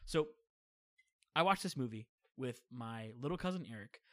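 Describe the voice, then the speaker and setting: Animated young man telling family stories. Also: mid-range voice, moderate pace. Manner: animated, acts out quoted voices, laughs often. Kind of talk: casual storytelling chat.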